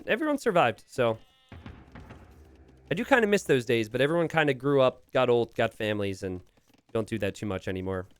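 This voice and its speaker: A man's voice: mid-range voice, fairly bright tone, dry recording. A young man from Pennsylvania casting a strategy game on a live stream, rambling casually and chatting with viewers. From Pennsylvania, USA. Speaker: game caster.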